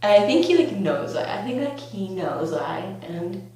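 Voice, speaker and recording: A young woman in her teens telling a storytime vlog in a rambling, filler-heavy way with bursts of excitement, recorded on a camera mic at home. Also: mid-range voice, normal speed. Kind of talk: storytime vlog, casual chat. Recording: very echoey room, faint hum.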